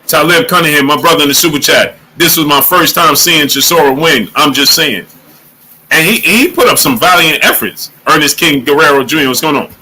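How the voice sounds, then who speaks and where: A man hosting a boxing livestream, giving shout-outs to the chat in casual, animated talk, sometimes dropping to a hush. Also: a little high, fairly quick, breathy edge. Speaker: livestream boxing show host.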